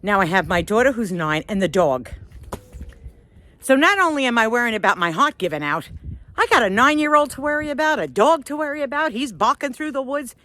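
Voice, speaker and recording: Woman vlogger, middle-aged, slightly high and very expressive, self-mocking storyteller on a walk. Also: brisk. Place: outdoors on a walk.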